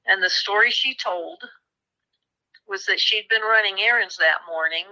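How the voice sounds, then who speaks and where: Bright-voiced woman telling a true crime story. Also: medium pitch, normal speed, poor audio. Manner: vivid retelling with quoted voices and restarts. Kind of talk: storytelling interview.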